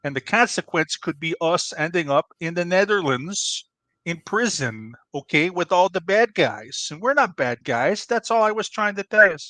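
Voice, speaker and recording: A man's voice: sits high, animated, moderate pace, pushed and bright, dry recording. A man doing a blustery pizzeria boss. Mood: indignant. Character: brash middle-aged male pizzeria owner, bossy know-it-all. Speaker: debater in a comedy sketch. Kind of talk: improvised comedy debate.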